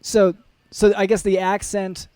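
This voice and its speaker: Flustered deadpan podcast host, dry sound. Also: male voice, high-pitched, unhurried, clear, resonant tone, no echo. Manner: hesitant, fumbling, flustered. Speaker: podcast host playing a doctor. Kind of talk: deadpan comedy podcast banter.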